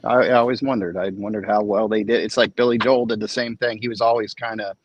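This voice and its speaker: A man's voice: lowish voice, fairly even intonation, quick pace, highs cut off. A man chatting casually on a podcast, asking questions with curiosity. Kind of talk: casual chat.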